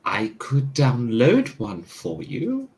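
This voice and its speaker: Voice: mid-range voice, huge pitch swings, darkish tone, heavily acted. A game master voicing a formal, haughty female AI butler in a tabletop game. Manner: stiff formal courtesy, drawn-out words. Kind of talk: tabletop role-play voice.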